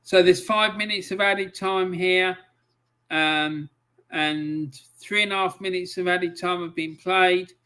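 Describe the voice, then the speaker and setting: A man giving live match commentary on a stream, swearing often and breaking into angry outbursts between calm play-by-play. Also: high-pitched, slow pace, clear, resonant tone.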